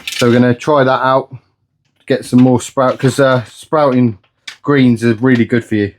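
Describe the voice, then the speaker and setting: Bloke vlogging at home, middle pitched voice, rambly and stumbling over words. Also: male voice, steady tone, moderate pace, a little hiss or hum. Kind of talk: casual vlog chat. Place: indoors at home.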